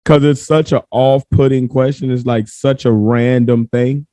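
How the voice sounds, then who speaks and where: A man co-hosting a casual podcast, thinking aloud in a relaxed way with many fillers. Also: medium pitch, a little slow, no echo. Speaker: podcast co-host. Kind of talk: casual chat.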